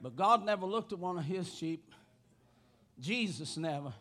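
A man preaching a sermon with passion, rising to shouting, his voice breaking into a cry at the peaks. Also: sits high, animated, normal speed. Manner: impassioned preaching that rises to shouting.

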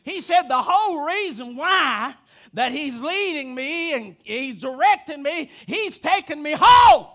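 A man preaching a sermon with passion, rising to shouting, his voice breaking into a cry at the peaks. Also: very high voice, expressive, unhurried. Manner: impassioned preaching that rises to shouting.

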